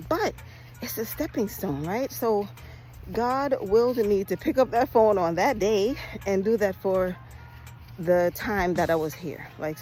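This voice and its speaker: Woman from Jamaica, casual vlog, quick chatty talk, outdoors on a beach, phone mic, soft music behind. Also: mid-range voice, rough recording. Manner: talks fast, chatty and laughing. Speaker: vlogger.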